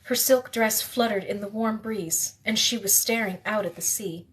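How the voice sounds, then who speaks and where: A woman reading a novel aloud in the first person, steady, with the odd slip she corrects. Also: mid-range voice, normal speed, few pauses. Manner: steady reading with occasional slips and self-corrections. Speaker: reader.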